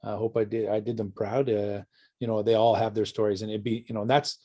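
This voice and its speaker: A man's voice: on the low side, level tone, fairly quick, warm tone. A middle-aged Canadian man, a hockey parent guest, telling rambling anecdotes with many restarts and chuckles. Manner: rambling, self-correcting, laughs at his own stories. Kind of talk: casual storytelling interview.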